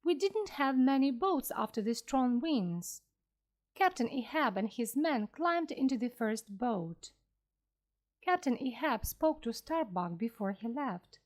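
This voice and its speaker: Slow, expressive woman reading a story. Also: fairly high pitch. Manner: clear, careful and expressive. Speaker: audiobook narrator.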